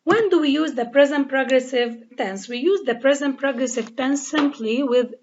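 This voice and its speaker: A woman's voice: high-pitched, moderate pace, darkish tone, a little hiss or hum. A woman with a Lebanese accent teaching an English grammar lesson, spelling out letters and repeating each rule step by step. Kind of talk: slow, deliberate grammar lesson. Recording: dull lo-fi recording.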